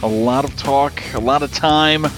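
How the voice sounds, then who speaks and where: A man's voice: mid-range voice, measured pace, fairly bright tone, faint music behind. A man hosting a podcast in casual chat, rambling and swearing freely. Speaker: podcast host.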